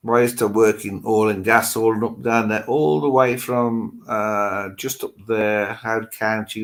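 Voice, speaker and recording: A man's voice: on the low side, steady tone, a little slow, few pauses. A middle-aged man with an English Midlands accent, hosting a live stream and chatting loosely with viewers' comments, rambling as he thinks aloud.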